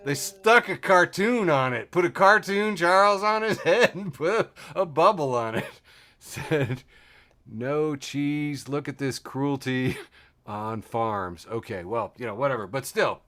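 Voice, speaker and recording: A man's voice: fairly high pitch, sharp tone. A man hosting a podcast who runs through news items in a rambling, sardonic way, swearing freely and chuckling often over a video call. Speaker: podcast host. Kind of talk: casual news-and-memes chat.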